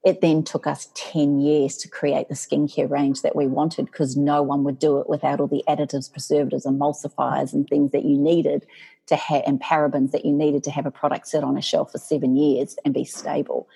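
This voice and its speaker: Aussie woman, middle-aged, low husky gravelly voice, chatty animated storytelling. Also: moderate pace. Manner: lively, animated storyteller who acts out quotes. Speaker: guest. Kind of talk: storytelling in casual chat.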